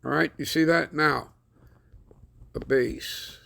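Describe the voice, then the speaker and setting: A man teaching from scripture in a deeply gravelly voice. His tone is husky and a little rough. He speaks with a deliberate, preacherly emphasis and keeps checking in with his audience. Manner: checks in constantly with the listener. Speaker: Bible teacher. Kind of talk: scripture lesson.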